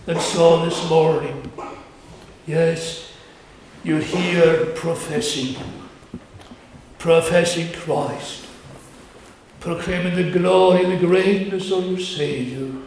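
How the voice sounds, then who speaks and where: A man preaching a communion sermon in a church, slow, earnest and measured, with pauses. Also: a little high, fairly even intonation, a little mellow. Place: church sanctuary. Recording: very echoey church, distant mic, faint hiss.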